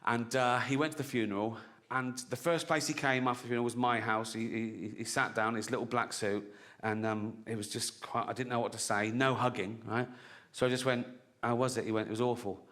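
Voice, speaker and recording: In a stand-up set before a live audience, a middle-aged man speaks briskly in a mid-range voice, his tone steady and fairly bright. He's blunt, chatty, and quick to laugh at his own jokes, with laughter and applause from the crowd behind him.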